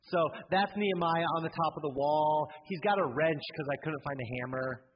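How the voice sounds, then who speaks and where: A man's voice: fairly high pitch, normal speed, a little hiss or hum. A man preaching a sermon as a pastor, telling a Bible story with jokes and building to a rousing call to commit. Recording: dull sound with long hall reverb.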